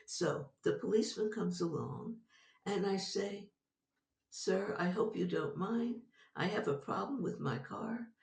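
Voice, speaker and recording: An older woman, a psychologist being interviewed, telling a personal story in an animated way and laughing often. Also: medium pitch, measured pace, gravelly, roomy sound, distant mic. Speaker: guest, psychologist.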